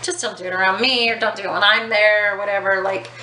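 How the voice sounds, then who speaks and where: A woman's voice: mid-range voice, steady tone, fast. A woman vlogger telling a casual story, chatty and swearing freely, with lots of ums and likes. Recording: echoey with faint outdoor noise.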